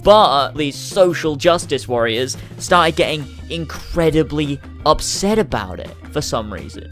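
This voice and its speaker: A man's voice: medium pitch, fairly bright tone. A man vlogging to camera in a casual rant, swearing heavily as he grows furious. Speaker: YouTuber.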